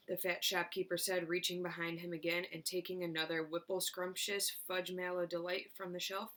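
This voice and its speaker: A woman's voice: fairly low pitch, level tone, normal speed, hardly any pauses, fairly bright tone. Woman teacher reading a storybook aloud.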